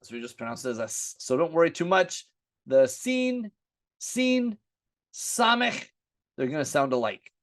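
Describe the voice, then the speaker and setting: An American man teaching the alphabet in a relaxed lesson, saying each letter name aloud again and again as he writes it. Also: a little high, unhurried, dry recording, clean studio sound. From United States. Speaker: Bible and Hebrew teacher.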